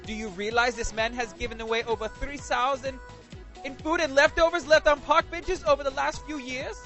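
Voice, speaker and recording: A man's voice: extremely high pitch, fairly even intonation, moderate pace, pushed and bright, faint music behind, voice pushed up, full character voice. A man voicing a bombastic male game show host who reads an outraged letter aloud with grandiose, indignant proclamations.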